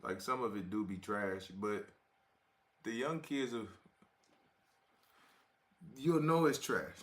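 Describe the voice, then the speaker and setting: Slangy low-voiced man from Ohio. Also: lively intonation, takes it slowly. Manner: slangy, mocking, laughs often. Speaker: reaction video host. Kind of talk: casual reaction commentary.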